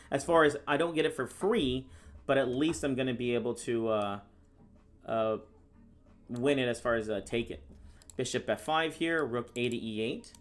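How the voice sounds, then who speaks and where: A man from the United States commenting live on his own chess games, reading viewer questions aloud and answering in a casual, deadpan sarcastic way. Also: mid-range voice. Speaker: chess streamer and National Master. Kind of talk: live-stream commentary while playing.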